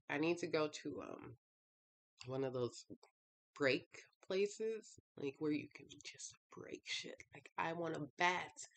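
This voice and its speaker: A woman's voice: low-pitched, gravelly. A woman vlogger talking casually and emotionally about her feelings, sighing often and rambling with many fillers. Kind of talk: casual confessional talk.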